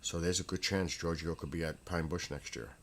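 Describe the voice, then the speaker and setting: Rambling, excitable man host, low-ish voice. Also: a little fast. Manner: rambling, excitable storytelling with laughter. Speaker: livestream host. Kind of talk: casual chat. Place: at home.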